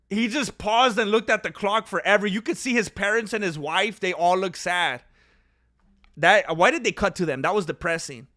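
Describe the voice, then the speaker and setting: Young male fight-stream commentator, high and bright voice, opinionated, talks to viewers, gets loud in close moments. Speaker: fight watch-along commentator. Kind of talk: casual live reaction commentary.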